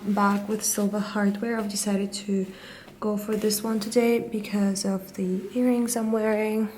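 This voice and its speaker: A young woman chatting casually to her camera as a vlogger, relaxed and chatty with small laughs. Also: medium pitch, a little hiss or hum. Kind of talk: casual vlog chat.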